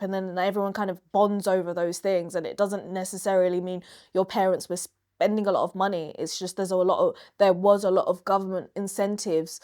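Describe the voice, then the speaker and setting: A woman's voice: medium pitch, fairly even intonation, fairly quick, hardly any pauses, darkish tone. A young British woman co-hosting a casual chat about film and celebrity news, talking in a chatty, reflective way and stretching some words out. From United Kingdom. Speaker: co-host.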